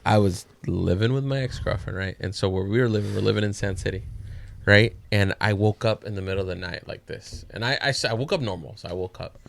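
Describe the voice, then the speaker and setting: A man's voice: fairly low pitch, fast, gravelly. A man co-hosting a podcast, telling a story in a loose, profane, slangy way. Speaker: podcast co-host. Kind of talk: casual storytelling.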